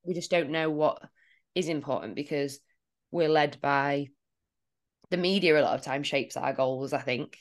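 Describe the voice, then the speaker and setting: A woman's voice: low voice, moderate pace. A woman co-hosting a podcast as a fitness coach, talking earnestly and reflectively about clients. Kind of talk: casual podcast chat.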